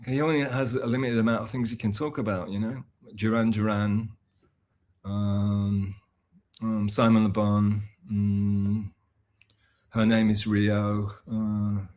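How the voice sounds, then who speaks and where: A man livestreaming, chatting casually with his viewers in a rambling, self-mocking way. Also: fairly low pitch. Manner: rambling and self-mocking, with many restarts and fillers. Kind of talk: casual livestream chat, reading and answering chat.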